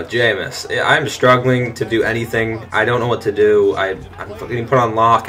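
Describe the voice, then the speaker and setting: A young man commentating his own football video game, frustrated and swearing, breaking into shouts and laughs at bad plays. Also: medium pitch. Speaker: gaming channel host. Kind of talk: gameplay commentary.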